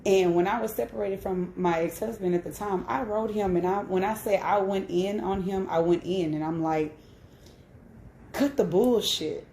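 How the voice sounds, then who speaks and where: A woman in her thirties, the host of a live stream, shares a personal story candidly and emphatically, often checking in with "right?" tag questions. Her mid-range voice is mellow, with fairly even intonation, a moderate pace and few pauses. The room is echoey, with slight background noise.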